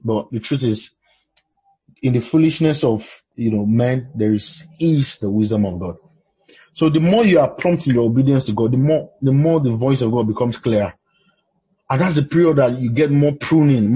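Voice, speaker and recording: Nigerian male preacher, very raspy and mellow, exclamation-heavy storyteller, muffled lo-fi audio. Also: medium pitch, normal speed. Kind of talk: preaching in conversation.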